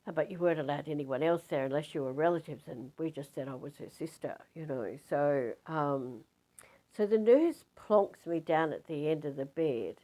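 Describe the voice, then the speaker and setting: Telling a story in a loose, lively, filler-heavy way, an older female spiritual teacher speaks in a low voice at moderate pace. The recording is rough.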